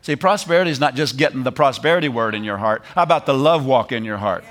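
Speaking fast in a medium-pitched voice, a middle-aged preacher delivers a lively sermon, laughing and repeating phrases to hammer home his points.

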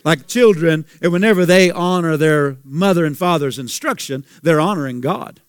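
A man's voice: a little high, normal speed, clear, resonant tone, dry recording, studio quality. A male pastor preaching a sermon, asking the congregation questions and repeating phrases for emphasis.

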